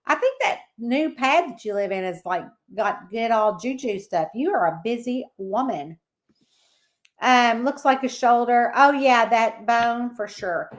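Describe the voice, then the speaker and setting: A woman's voice: fairly high pitch, expressive, a little slow. A woman hosting a casual livestream, chatting and reading out viewer comments by name. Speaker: livestream host.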